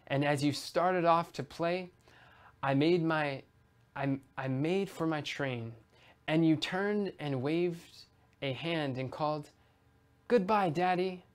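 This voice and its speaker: A man with a somewhat high voice reads a letter aloud as a podcast host. He takes it earnestly and without hurry, sometimes stumbling and restarting a phrase. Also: smooth. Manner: earnest, unhurried reading with small slips and restarts.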